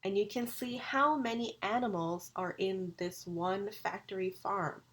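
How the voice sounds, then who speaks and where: A woman gives a recorded English lecture at a slow, deliberate pace. She speaks clearly, in a patient teacher's manner, and reads example sentences with lively intonation. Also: mid-range voice.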